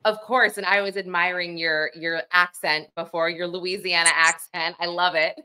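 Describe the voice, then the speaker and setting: A woman's voice: on the low side, fairly even intonation, normal speed, sharp tone. A woman hosting a true-crime podcast, talking in a chatty, enthusiastic way with plenty of fillers. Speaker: podcast host. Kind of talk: casual interview.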